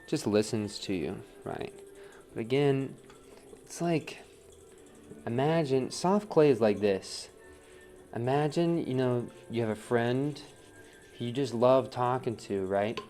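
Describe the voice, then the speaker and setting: A man's voice: mid-range voice, takes it slowly, mellow, soft background music. A man demonstrating wheel throwing on a livestream, talking casually, counting his pulls aloud and asking "right?" a lot. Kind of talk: live-streamed pottery demo. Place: pottery studio at the wheel.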